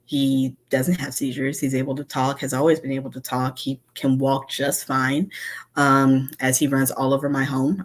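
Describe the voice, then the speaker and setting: A woman, giving a candid, conversational conference talk from home that mixes personal stories with advice. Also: very deep voice. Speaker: conference speaker, instructional designer.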